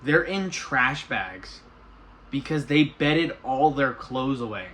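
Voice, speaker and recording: A man's voice: mid-range voice, animated, slow pace, a bit bright, rough recording. A man casually recapping and reviewing a TV episode. He rambles, restarts a lot and acts out the characters' lines as he goes.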